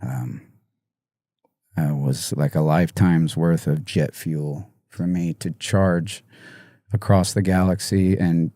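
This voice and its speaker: Deep, soft-spoken emotional man. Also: steady tone, dry recording, clean studio sound. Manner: halting, soft-spoken, many pauses and restarts. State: emotional, near tears. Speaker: musician guest. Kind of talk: emotional interview storytelling.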